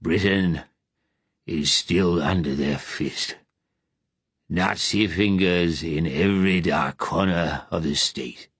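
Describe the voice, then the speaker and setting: Figure: aged male wartime leader, gruff and weary, put on by a male narrator. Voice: very deep growl with a lisp, slow and grave, a little husky. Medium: audiobook. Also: fairly bright tone, no room sound, heavily acted. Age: older.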